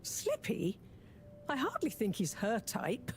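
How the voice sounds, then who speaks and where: A prim, motherly professor in a video game, speaking with precise, proper diction. Her voice rises and falls widely, with faint low rumble underneath. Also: huge pitch swings, takes it slowly, full character voice. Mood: fussy. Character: prim, wordy older woman professor, motherly.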